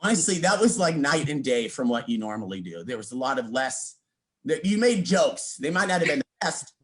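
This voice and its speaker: A man's voice: medium pitch, sing-song, brisk. A man hosting, giving teasing, mock-encouraging feedback on a comedy set. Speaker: show host giving feedback. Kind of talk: casual comedy critique.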